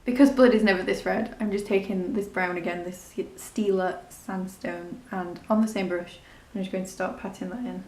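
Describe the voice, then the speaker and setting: A woman's voice: medium pitch, steady tone, normal speed, few pauses, darkish tone, roomy sound. A woman talking through a makeup tutorial in a chatty, rambling, self-deprecating way. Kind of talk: casual step-by-step tutorial narration.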